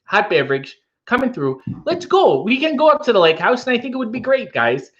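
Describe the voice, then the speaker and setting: A man's voice: extremely high pitch, very animated, fairly quick, a bit bright, muffled recording, pitched above the performer's own voice, full character voice. A man putting on a singsong Minnesota-accented host. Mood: folksy cheerful. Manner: cheerful, hospitable, singsong. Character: friendly chatty Minnesotan man, folksy host.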